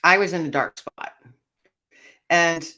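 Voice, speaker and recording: A woman speaks as an interview guest, sharing a personal testimony. She talks in an earnest, reflective way, letting her voice fall quiet when the story turns heavy. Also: on the low side, slow.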